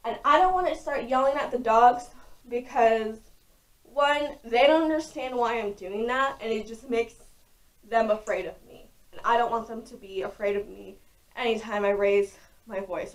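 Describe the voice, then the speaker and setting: Young woman vlogger, loud and frank, a bit high, recorded from a distance. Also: moderate pace. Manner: talks loudly and frankly, with many fillers. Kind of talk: casual chat to camera. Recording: voice distant from the mic.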